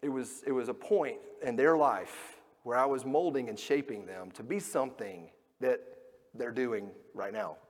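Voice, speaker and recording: A middle-aged man preaching a sermon as a pastor, telling stories and acting out the people in them, moving from loud to hushed. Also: medium pitch, normal speed, big-room sound. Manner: storytelling, acting out quoted voices, swings between loud and hushed.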